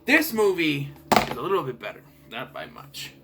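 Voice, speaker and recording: A young adult man casually reviewing a movie, chatty and sarcastic, sometimes clearing his throat. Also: fairly high pitch, wildly swooping pitch, normal speed, very noisy.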